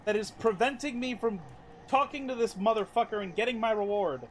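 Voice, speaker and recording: Man, high voice, game streamer, exasperated, curses constantly, casual commentary. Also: brisk, a little hiss or hum. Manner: exasperated, heavy swearing.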